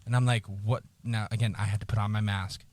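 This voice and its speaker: Male podcast co-host, low voice, dry close mic, halting emotional storytelling with frequent swearing. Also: fairly even intonation, a little mellow, no room sound. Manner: halting, repeats words, swears often. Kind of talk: personal storytelling.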